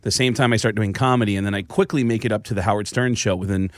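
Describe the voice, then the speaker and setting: A male comedian in a studio telling lively stories, quick and animated, dropping into voices as he goes. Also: lowish voice, no room sound. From the Bronx, New York. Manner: lively, fast, slips into voices mid-story. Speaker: comedian and voice actor guest. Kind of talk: animated storytelling chat.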